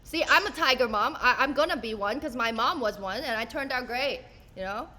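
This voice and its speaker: Chatty high-voiced woman comedian. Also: lively intonation, a little fast, bright, forceful tone, slight background noise. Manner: chatty, self-mocking, acts out quotes. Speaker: stand-up comedian and show producer. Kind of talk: stand-up comedy set.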